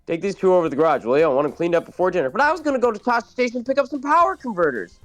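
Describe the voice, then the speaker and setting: A man voicing a gruff, impatient middle-aged farmer who talks bluntly and curtly. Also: sits high, animated, rapid-fire, fairly bright tone, dry recording, faint music behind, pitched above the performer's own voice. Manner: blunt, curt.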